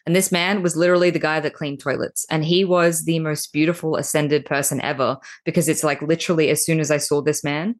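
Frank, low-pitched woman guest, blunt and emphatic, swears casually. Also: fairly even intonation, a little fast, hardly any pauses. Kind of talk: candid spiritual conversation.

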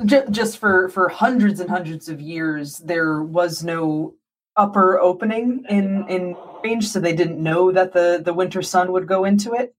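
An American woman speaking as a guest author in a podcast interview, lively and quick to laugh. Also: fairly low pitch, a little hiss or hum. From United States. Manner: animated, laughs often.

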